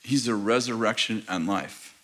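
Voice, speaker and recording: A lowish, slightly bright male voice at a moderate pace carries this American pastor's sermon in a large church auditorium. He tells a story with laughter, performing the voices of the people in it.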